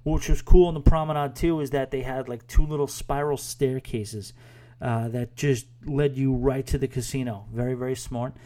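Male podcast host, mid-range voice with a relaxed warm tone, digressive and self-deprecating. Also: medium pitch, moderate pace. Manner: rambling, self-mocking, with crude asides and laughs. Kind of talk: casual spoken review. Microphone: microphone.

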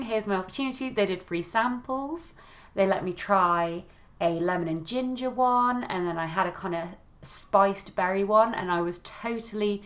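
A woman's voice: medium pitch, fairly bright tone. Chatty woman podcast co-host. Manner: chatty, giggly, self-deprecating. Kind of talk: casual chat.

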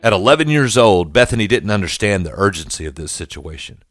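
A man narrating a documentary story in a measured, dramatic way. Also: on the low side, very animated, a bit bright, soft background music.

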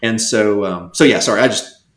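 A man speaking as a guest scholar in a casual interview, animated and rambling, with many restarts. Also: fairly low pitch, moderate pace, reverberant.

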